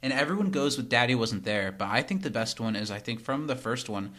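A man's voice: medium pitch, expressive, fairly quick, sharp tone. Teasing male podcast co-host. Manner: teasing, analytical, chuckles often. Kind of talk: casual chat recapping a TV episode.

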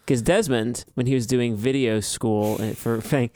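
A man hosting a casual podcast chat, calm and easygoing, asking teasing questions. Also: mid-range voice, measured pace, dry recording. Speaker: podcast host.

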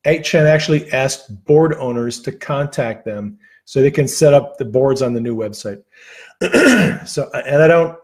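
A livestream host with a medium-pitched, slightly mellow voice chats casually with his viewers, rambling and halting with lots of fillers and restarts. After an hour of talking, he is losing his voice.

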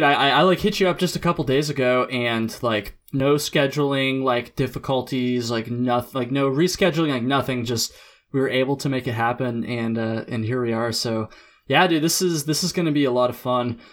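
A man's voice: medium pitch, a bit bright. A young man hosting a hiking podcast in a laid-back, chatty way, laughing often and restarting his sentences. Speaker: podcast host. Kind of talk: casual podcast interview.

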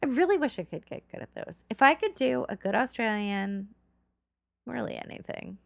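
Giggly woman with gravelly voice. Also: a little high, big pitch swings, normal speed, no room sound. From California. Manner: chatty, giggly, trailing off with fillers. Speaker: podcast co-host. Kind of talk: casual chat.

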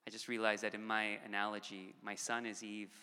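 A man's voice: fairly low pitch, little pitch movement, brisk, sharp tone, smooth. A man in his thirties preaching a sermon as pastor, conversational, with frequent "okay" asides. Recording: long hall reverb.

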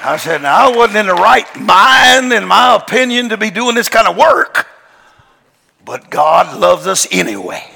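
Telling his story in a folksy, emphatic drawl, this preacher has a high, animated, gravelly and husky voice, speaking a little slowly. His bright, forceful sermon rings through a big church hall with long reverb, and a faint crowd can be heard.

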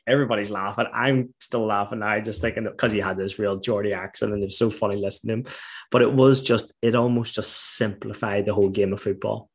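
Man, husky, deep, middle-aged, from Northern Ireland, chatty storyteller. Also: fast talker. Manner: animated storytelling, laughs while recalling. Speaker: former footballer guest. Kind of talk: casual interview chat.

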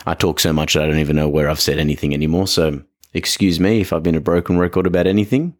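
Aussie guy rambling on his podcast, really low voice, casual and a bit self-deprecating. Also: steady tone, fast. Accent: Australian. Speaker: podcast host. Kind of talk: casual storytelling monologue.

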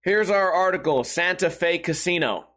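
A man's voice: high voice, expressive, normal speed, sharp tone. A young man telling rambling, profane stories in a casual solo talk show. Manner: profane, rambling, self-mocking. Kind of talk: casual crude storytelling monologue.

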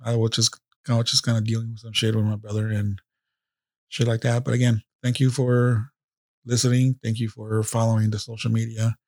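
A male podcast host speaks off the cuff, rambling and swearing raw emotion. His voice is gravelly and fairly flat in pitch. The close mic sounds dry, no room echo. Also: a little fast. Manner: emotional, profane, rambling with restarts. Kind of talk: casual unscripted podcast monologue.

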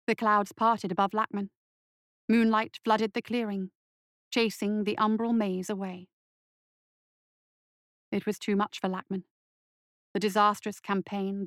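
A woman narrates a scripted adventure story at a measured pace, slowing down for dramatic passages. Her voice sits in a middle pitch. The recording is dry and close, with no room around it. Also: no echo.

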